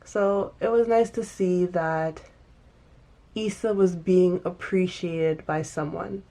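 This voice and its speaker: A woman casually recapping and reviewing a TV episode, animated and emphatic, often restarting sentences. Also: on the low side, slow.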